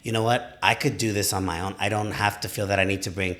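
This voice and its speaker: A man in his late forties speaks as a podcast guest in a candid, self-deprecating way. His voice sits low but has a bright, forceful edge. He talks in a loose, conversational flow. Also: steady tone, fast. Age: late 40s. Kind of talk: casual conversation.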